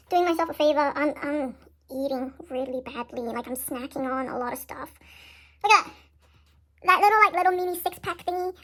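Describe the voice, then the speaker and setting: A woman's voice: high voice, a bit bright. A young woman talking casually to camera from her bed, rambling and self-deprecating, often laughing at herself. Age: young adult. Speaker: vlogger. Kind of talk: casual vlog chat. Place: in bed at home.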